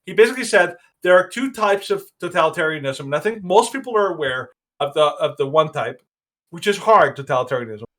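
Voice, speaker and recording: A man's voice: fairly high pitch, expressive, brisk, fairly bright tone. A man hosting a podcast, giving rambling, opinionated commentary with frequent restarts. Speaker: podcast host.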